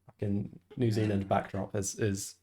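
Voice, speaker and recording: A man's voice: lowish voice, flat delivery, normal speed, mellow, slight background noise. Joking, swearing man on a podcast. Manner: joking, incredulous, swears casually. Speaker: co-host. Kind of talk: casual podcast brainstorm.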